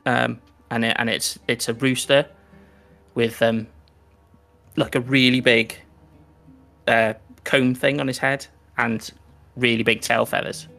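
Gravelly-voiced man running a tabletop game. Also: medium pitch, flat delivery, sharp tone, soft background music. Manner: halting, many fillers and restarts. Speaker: game master.

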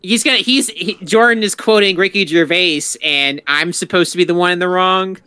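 Co-host, male, bright and smooth, deadpan jokester. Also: high-pitched, moderate pace. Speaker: podcast co-host. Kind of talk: casual podcast chat.

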